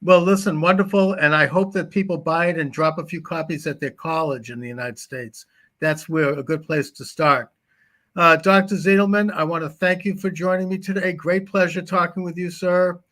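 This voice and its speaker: A man's voice: fairly high pitch, fairly even intonation, normal speed, fairly bright tone. A man hosting a live talk show, thanking his guest and chatting through plugs in an affable way.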